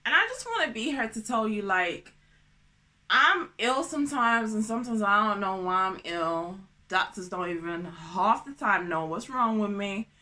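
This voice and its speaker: A woman in her thirties vlogging casually to camera, excitable and goofy, jumping between topics and laughing often. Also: medium pitch, normal speed. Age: 30s.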